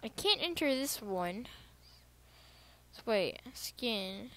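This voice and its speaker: A woman giving casual, rambling gameplay commentary, excitable and repeating herself as she figures things out. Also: on the high side, slow pace. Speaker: gaming video creator. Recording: loud background noise over voice.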